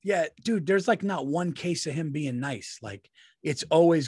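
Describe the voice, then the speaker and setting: A man co-hosting a comedy podcast, telling profane neighborhood anecdotes in relaxed, casual chat. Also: fairly high pitch, measured pace, breathy edge, no room sound, clean studio sound. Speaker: podcast co-host.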